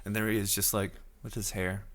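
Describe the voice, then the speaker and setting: A man in his thirties hosting a casual solo podcast, rambling loosely and reacting to his chat, now and then slipping into high silly voices to quote people. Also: little pitch movement, a little fast, a bit bright. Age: 30s. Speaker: podcast host.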